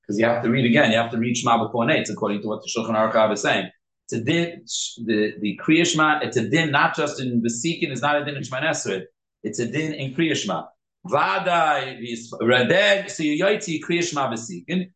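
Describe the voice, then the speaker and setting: A man's voice: on the high side, animated, fairly quick, fairly bright tone. Man teaching a Talmud class, echoey room. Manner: explanatory, switching between English and Hebrew terms. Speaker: Torah teacher.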